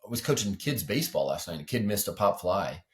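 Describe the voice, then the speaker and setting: Low-voiced man, earnest coach talking. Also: sing-song, a little fast. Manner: earnest, explains with lots of 'like' and 'you know'. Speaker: weightlifting coach and guest. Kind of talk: casual podcast conversation.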